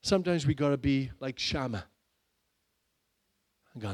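Preacher man with a high voice. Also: moderate pace, long pauses. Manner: dramatic, swings between loud urging and hushed low lines. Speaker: pastor. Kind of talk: sermon.

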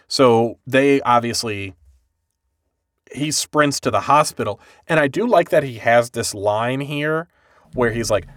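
A man co-hosting a podcast, recapping an anime in casual chat, animated and swearing freely. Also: medium pitch, a little slow, no room sound, clean studio sound. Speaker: podcast co-host.

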